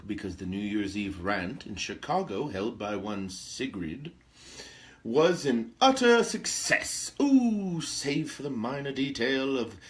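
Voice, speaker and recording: A man playing a pompous, theatrical aristocratic male vampire lord who hosts a talk show, with grandiloquent speech and gossipy asides. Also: mid-range voice. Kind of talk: in-character role-play talk show.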